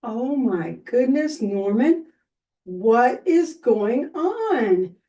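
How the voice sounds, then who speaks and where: A woman hosting a children's program who talks to the boys and girls in an animated, exclaiming way. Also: fairly high pitch, very slow, recorded from a distance, poor audio. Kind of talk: children's show presenting.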